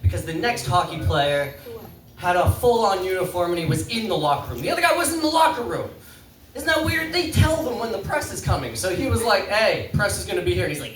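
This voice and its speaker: A man doing a stand-up set in a pub, rambling and halting in a self-deprecating way. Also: high-pitched, expressive. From Canada. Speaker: stand-up comedian. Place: pub comedy stage. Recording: roomy pub, distant mic, crowd laughter. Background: audience laughter.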